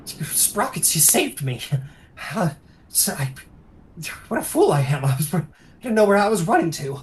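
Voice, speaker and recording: A man's voice: high voice, big pitch swings, normal speed, pitched above the performer's own voice. A man voicing a flustered, grateful gnome tinkerer who stammers his thanks in a tabletop game.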